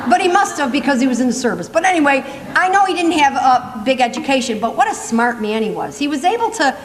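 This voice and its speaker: Woman in her 50s, humor speaker on stage, high voice, chatty and laughing, long hall echo. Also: animated, fairly quick. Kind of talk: comedic storytelling talk. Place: large conference hall. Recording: long reverb in a conference hall.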